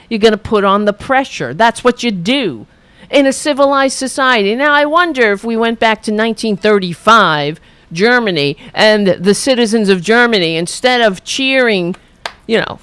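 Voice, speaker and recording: A woman's voice: on the high side, fairly bright tone, clean tone, dry recording. Fiery, profane woman ranting. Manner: heated, profane, sarcastic rants at a played clip. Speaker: podcast host. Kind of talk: angry political commentary.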